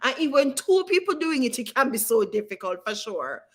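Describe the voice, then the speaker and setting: A woman's voice: high voice, big pitch swings, normal speed. A woman hosting a live stream, talking directly and encouragingly to her viewers and calling on them by name. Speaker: livestream host. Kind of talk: live-stream advice talk.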